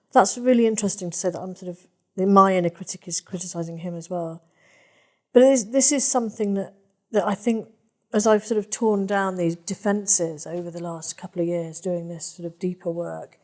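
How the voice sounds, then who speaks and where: A woman speaking emotionally with her therapist, halting and searching for words. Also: mid-range voice, dark tone. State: emotional, near tears. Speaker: therapy client.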